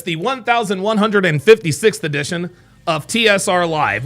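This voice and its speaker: A man's voice: sits high, gravelly, bright, forceful tone. A man hosting a live stream, reacting to clips with exasperated, profane commentary.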